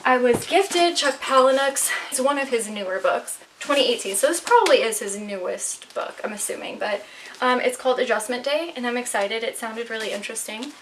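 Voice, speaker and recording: Young woman, casual vlogger, upbeat and chatty, slightly breathless, fairly high voice, mic a bit distant. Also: animated, a little fast, background noise. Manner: chatty, enthusiastic, many fillers. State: a little out of breath. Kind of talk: casual book haul chat. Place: at home, near her bookshelf.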